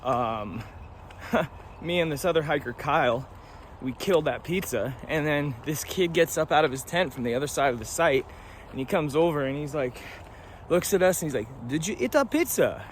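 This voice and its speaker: In this casual trail vlog, a man who is hiking a long trail speaks to a handheld camera outdoors at a forest campsite, relaxed and slangy, laughing easily. His voice is a little high at a moderate pace, with slight background noise.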